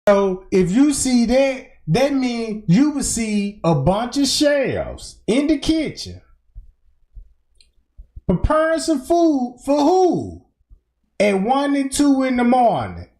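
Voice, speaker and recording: Slow emphatic man narrating footage. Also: very high voice, big pitch swings, a little mellow. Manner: emphatic, slangy, pointing things out. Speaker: commentator walking through footage. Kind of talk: casual commentary over video.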